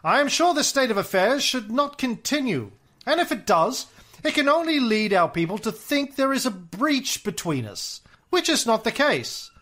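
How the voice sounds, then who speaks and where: A man's voice: very high voice, sing-song, normal speed, fairly bright tone, voice pushed up, heavily acted. A man putting on a formal 1920s American aristocrat's Mid-Atlantic accent, reading out a statesman's earnest letter. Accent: old-fashioned Mid-Atlantic aristocratic.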